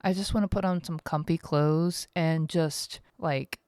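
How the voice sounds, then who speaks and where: A woman's voice: low voice, steady tone, a little slow, a little mellow, no room sound, clean studio sound. A woman in her thirties hosting a casual solo podcast from home, tired, rambling and candid, swearing freely. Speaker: podcast host.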